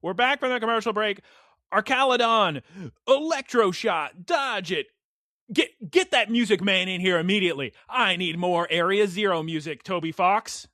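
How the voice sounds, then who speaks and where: A man co-hosting a podcast, excitedly recapping an episode with hyped, animated storytelling. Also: sits high, a little fast, hardly any pauses, no room sound, clean studio sound. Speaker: podcast co-host.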